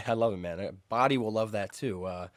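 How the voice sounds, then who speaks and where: A man's voice: lowish voice, normal speed, no echo. A man hosting an interview, asking friendly, upbeat questions and laughing easily. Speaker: host, interviewer. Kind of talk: casual interview.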